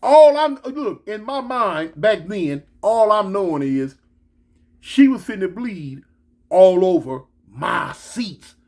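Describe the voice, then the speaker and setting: A man telling a story in a casual, slangy, animated way. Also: high voice, slow pace. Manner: animated, slangy, switches into excited quoted voices.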